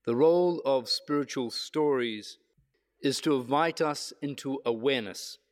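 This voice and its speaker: A man preaching a reflective sermon, measured, slowing down for emphasis. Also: medium pitch. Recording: long hall reverb.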